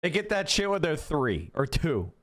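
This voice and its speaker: Animated, profane male streamer. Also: on the high side, normal speed. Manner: blunt, profane, heated. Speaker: streamer reacting to clips. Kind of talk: casual profane live commentary.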